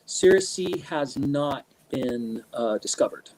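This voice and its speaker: A man's voice: medium pitch, animated, takes it slowly, a little mellow, low-quality recording. A man in a casual interview, telling rambling stories with many restarts and bursts of laughter. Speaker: guest speaker.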